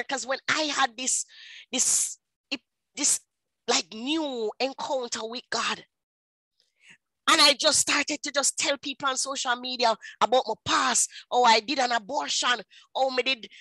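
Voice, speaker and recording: A woman in her thirties with a Jamaican accent, telling her personal testimony in an animated storytelling way and slipping into patois. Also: sits high, no room sound, rough recording. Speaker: speaker at a women's ministry.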